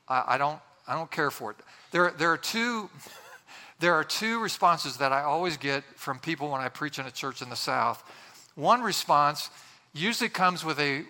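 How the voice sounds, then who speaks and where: Brief: male pastor, earnest and chatty sermon delivery, fairly high voice, long church reverb. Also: bright, forceful tone. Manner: earnest, conversational, frequent restarts.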